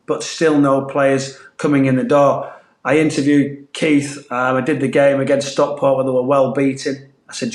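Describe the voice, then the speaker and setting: Raised in northeast England, this ex-footballer has a Manchester-tinged accent and a level, mid-range voice at normal speed. In the reverberant audio of a casual podcast, he talks earnestly, wandering and often starting his sentences over.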